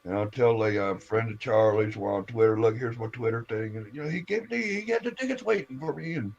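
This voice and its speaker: A man's voice: medium pitch, animated, fairly quick, creaky. Rambling, story-telling man, lo-fi. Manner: rambling storyteller, acts out quoted voices, swears. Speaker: stream host telling a story. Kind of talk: casual rambling anecdote.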